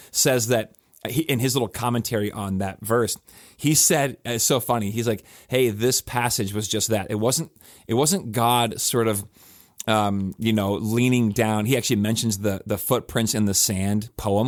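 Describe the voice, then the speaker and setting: A man's voice: lowish voice, dry recording, clean studio sound. A male pastor reflecting on his sermon in a casual, earnest podcast talk, restarting phrases to stress his points. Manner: earnest and conversational, with emphatic restarts.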